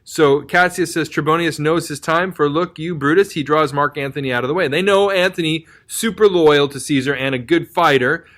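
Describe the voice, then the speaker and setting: A young man explaining a play in a casual, animated lesson, full of slang and quick voices for the lines he reads. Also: on the high side. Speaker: literature teacher.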